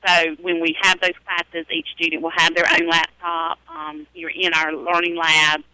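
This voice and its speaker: A Southern-accented woman talks about her teaching work in a live radio interview, hesitating often with fillers. Her voice is very bright, and it sounds dry and close. She is recorded live at a public library. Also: on the low side, little pitch movement, normal speed, smooth, dry recording, low-quality recording. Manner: chatty, many hesitations and fillers. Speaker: adult literacy and ESL teacher.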